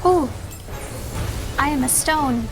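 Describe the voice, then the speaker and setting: A woman's voice: sits high, slow. A woman playing an online game with friends, playful and self-mocking, with sarcastic asides. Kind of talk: casual gaming chat. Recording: game music behind the voice.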